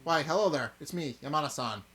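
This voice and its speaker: A man's voice: on the high side, animated, brisk, fairly bright tone. A man doing a smug scheming mastermind. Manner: theatrical, condescending. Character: smug scheming male game master figure.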